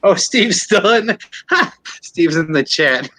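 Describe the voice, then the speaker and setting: Bright, dry-sounding man chatting bluntly. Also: high voice, expressive, takes it slowly, dry recording, poor audio. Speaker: panel guest. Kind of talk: casual livestream chat.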